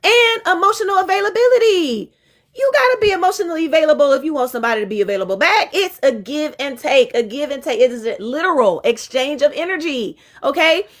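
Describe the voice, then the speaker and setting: A woman's voice: high voice, lively intonation, quick pace. A woman giving a live-stream relationship talk, emphatic and preachy, speaking straight to her viewers in casual slang.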